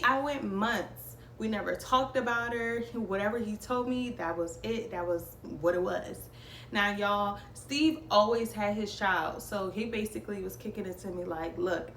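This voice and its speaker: A young woman from New Jersey telling a personal story to her viewers in a chatty, animated way, often calling them y'all. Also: mid-range voice, reverberant, recorded from a distance, slight background noise. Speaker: vlogger. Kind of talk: storytime vlog.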